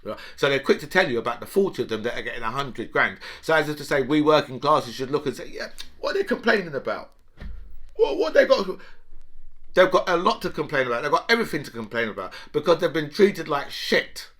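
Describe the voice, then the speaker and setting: A man's voice: mid-range voice, expressive, fast talker, few pauses, fairly bright tone. A man giving heated political commentary. He talks emphatically, swears, and keeps asking "right?".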